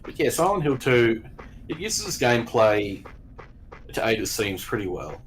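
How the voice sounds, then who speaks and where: A man's voice: mid-range voice, very animated, a little slow, slight background noise, poor audio. A man chatting casually and thoughtfully about a video game as co-host.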